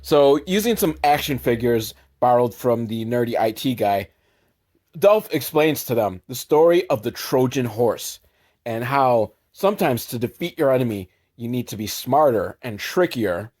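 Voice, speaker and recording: A man recapping a movie for comedy, sarcastic, jumping into quick put-on voices for the characters. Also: medium pitch, animated, darkish tone.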